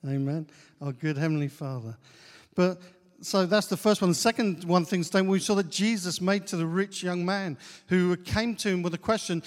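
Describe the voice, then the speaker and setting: A man preaching a sermon in a church, unhurried, pausing often with "uh" and repeating key phrases. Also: high-pitched. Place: church hall. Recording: long church-hall reverb.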